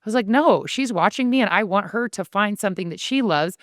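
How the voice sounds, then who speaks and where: A woman who is an author and podcast guest, telling stories in an animated way and acting out the voices she quotes. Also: mid-range voice, a little fast, no echo, clean studio sound. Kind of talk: casual podcast conversation.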